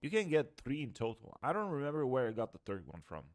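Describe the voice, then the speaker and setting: A man's voice: medium pitch, very animated, quick pace. Casual young man explaining a game. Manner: loose and chatty, trails off and restarts. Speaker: game streamer. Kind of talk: casual gameplay walkthrough.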